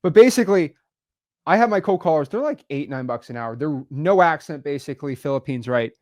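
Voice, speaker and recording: A young man hosting a casual podcast chat, energetic and emphatic, full of slang. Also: a little high, brisk. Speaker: podcast host, real estate investor.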